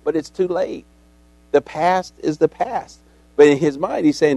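A man's voice: fairly high pitch, brisk, warm tone, no room sound. A man preaching a sermon as a pastor, telling the story dramatically and acting out its characters.

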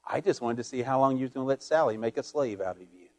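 A man voicing a kind, gentle old grandmother, speaking softly and affectionately in a story told during a sermon. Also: mid-range voice, quick pace, lightly acted. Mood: tender.

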